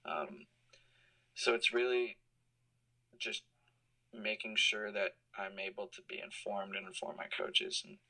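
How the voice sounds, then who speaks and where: Bright-voiced man explaining his job. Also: lowish voice, measured pace, pauses often, rough recording. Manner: thoughtful, explanatory, with frequent fillers. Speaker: college compliance officer, alumni guest. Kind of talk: casual interview answers. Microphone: call recording.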